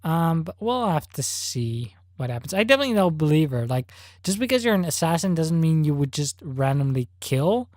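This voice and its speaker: A woman's voice: low voice, very animated, normal speed, darkish tone, no echo, studio quality. Woman rambling through game commentary. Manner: rambling, thinking aloud with restarts. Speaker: let's play host. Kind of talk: casual gameplay commentary.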